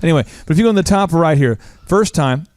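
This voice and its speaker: A male podcast host in casual business talk, jokey and rambling with quick asides. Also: fairly high pitch, lively intonation, darkish tone, faint music behind. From Oklahoma.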